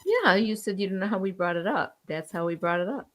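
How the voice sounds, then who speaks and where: A woman's voice: mid-range voice, lively intonation, a little fast, fairly bright tone. A woman co-hosting a podcast in casual chat, emphatic and opinionated, often repeating her words.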